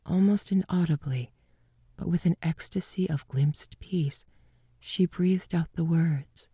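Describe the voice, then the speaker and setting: A woman narrating a ghost story in a hushed voice that often drops to a whisper. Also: on the low side, takes it slowly, breathy edge, no room sound, clean studio sound.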